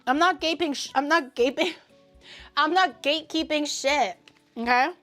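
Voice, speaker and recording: A woman hosting a casual livestream, talking to chat in an animated, ranting way and swearing freely. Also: high voice, unhurried, soft background music. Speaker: livestream host.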